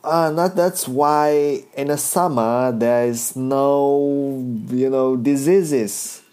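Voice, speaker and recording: A man's voice: mid-range voice, extremely slow, a little mellow, smooth. A man quoting an old woman at a sauna in a plain, matter-of-fact way.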